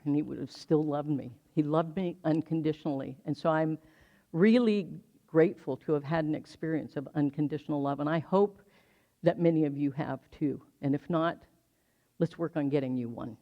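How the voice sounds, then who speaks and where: An older minister from the United States gives a slow, reflective sermon in a middle-pitched voice. They weave personal memory into the message and lean on repetition for emphasis. The stream audio is slightly dull and lo-fi. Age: 60s.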